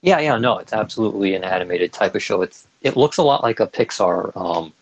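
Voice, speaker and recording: A young man chats as a podcast co-host, eager and talkative. He stumbles through restarts as he gets going, and his voice sits on the low side. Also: lively intonation, brisk, creaky, rough recording. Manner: stumbling restarts, enthusiastic, chatty. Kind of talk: casual chat.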